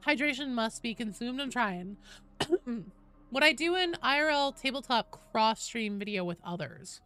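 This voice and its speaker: A woman's voice: a little high, lively intonation, a little slow, bright, forceful tone, clear, resonant tone. A woman game streamer chatting casually with her viewers while playing, swearing freely and greeting people in chat. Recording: game music playing behind the voice.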